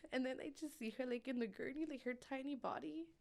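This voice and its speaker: A woman's voice: high-pitched, moderate pace. A woman as a podcast guest, telling a painful personal story in a casual, emotional way with many fillers. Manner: emotional, filler-heavy retelling.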